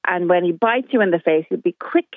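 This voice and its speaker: A woman's voice: fairly low pitch, a little fast, dry recording. A middle-aged woman calling into a radio show and telling her story with indignation. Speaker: caller. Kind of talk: phone-in call. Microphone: telephone. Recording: tinny phone line.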